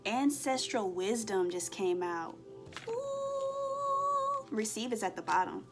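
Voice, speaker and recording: A woman's voice: a little high, slow pace. Earnest woman giving a spiritual reading. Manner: earnest, repeats "okay?" to check in with listeners; emotional, expressive, acts out inner voices. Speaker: spiritual card reader. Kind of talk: collective tarot-style reading to viewers. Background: soft background music.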